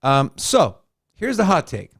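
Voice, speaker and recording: A man's voice: a little high, huge pitch swings, unhurried, a bit bright, dry recording, studio quality. A man co-hosting a casual crypto chat, joking and teasing as he lays out his opinions. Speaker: co-host.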